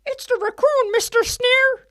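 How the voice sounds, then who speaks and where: A man voicing squealing, panicky cartoon pig henchmen in a high, squeaky, nasal voice. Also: fairly even intonation, unhurried, pushed and bright, exaggerated voice.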